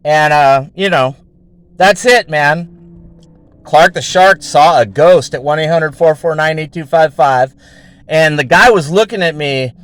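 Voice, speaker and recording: Man, show host, slightly high voice, dry sound, rambling casual story, lots of swearing and fillers. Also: a little slow, fairly bright tone, clear, resonant tone, no echo.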